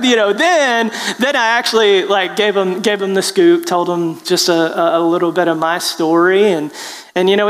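A man, a preacher telling a personal story in an animated, self-deprecating way with halting restarts. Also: high voice, big-room sound. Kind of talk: storytelling testimony.

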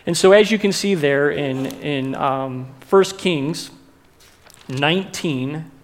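Male pastor, high-pitched, conversational sermon delivery with questions to the congregation. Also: takes it slowly.

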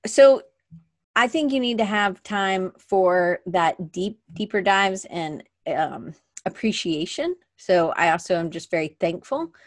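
A woman's voice: mid-range voice, expressive, unhurried, no echo, clean studio sound. A woman hosting a casual livestream from her desk, rambling and chatty, often restarting her sentences. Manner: moves around at her desk. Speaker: podcast host. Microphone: webcam at desk.

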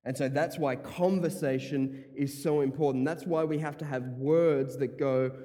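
Male pastor; mellow, dark tone; emphatic sermon delivery with offhand asides; echoing church hall. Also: a little high, fairly even intonation, normal speed. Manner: emphatic, repeats key phrases, casual asides. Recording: long hall reverb.

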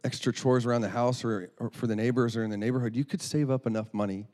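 A man's voice: medium pitch, fairly even intonation, fast talker, darkish tone, big-room sound, lightly acted. A man voicing a kind mother who reassures her daughter in a rambling way. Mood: reassuring.

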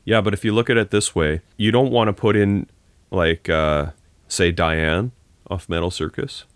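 Deep-voiced man in casual podcast chat. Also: moderate pace, no room sound. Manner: relaxed, argumentative, uses fillers. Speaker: podcast co-host.

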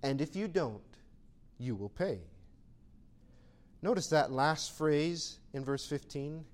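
Male pastor, high voice, emphatic exhortation, rhetorical questions; sermon delivery. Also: animated, slow pace, long pauses.

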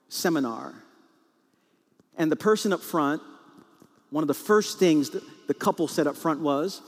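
A man in his forties preaching a sermon, telling a comic story about his marriage and acting out the voices in it. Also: on the high side. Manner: storytelling with comic acted quotes. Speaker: pastor. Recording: long reverb in a large hall.

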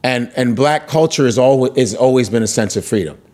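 An American male stand-up comedian with a medium-pitched voice and fairly quick delivery tells stories in a casual, chatty way. He's animated and profane, acting out the voices of the people in his tales.

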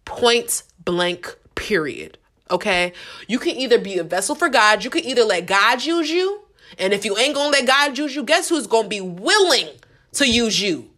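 Speaking at a normal speed in a slightly high, pushed, bright voice with lively intonation, a woman hosts a faith-based podcast. She is casual and earnest, leans on slang and repetition, addresses her audience head-on, and is growing emotional.

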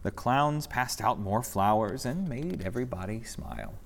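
A man reading a rhyming story aloud during a church service, expressive and sing-song, in a reverberant sanctuary. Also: medium pitch, moderate pace, creaky.

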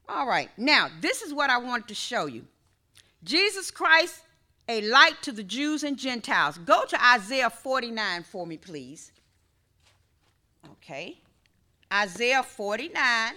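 A woman pastor delivers a sermon in a high, bright voice. She speaks slowly and deliberately, leading prayer and then teaching with call-and-response. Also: expressive.

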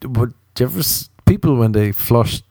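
An Irish man, a comedian, telling rambling comic stories with a slightly hoarse, sick-sounding voice, swearing and acting out dialogue. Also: mid-range voice, animated, moderate pace, darkish tone, no echo, clean studio sound. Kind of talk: comic storytelling.

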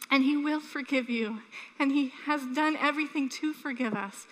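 High bright-voiced woman preaching in a hall. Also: moderate pace. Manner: animated storytelling, earnest appeals. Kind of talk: sermon with personal story. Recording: long hall reverb.

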